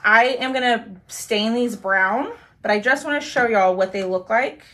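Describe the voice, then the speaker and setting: A bubbly young woman chats her way through a live craft demo. Her voice is bright and a little high, and she keeps thanking viewers by name between steps. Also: unhurried. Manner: bubbly, talks to viewers while working, thanks commenters. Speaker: craft live-stream host.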